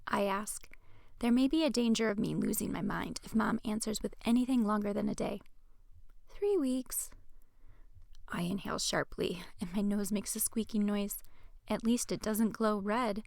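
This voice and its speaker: Gravelly-voiced woman narrating an audiobook. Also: mid-range voice, normal speed, no room sound, studio quality. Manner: wry first-person storytelling. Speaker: author reading her own audiobook.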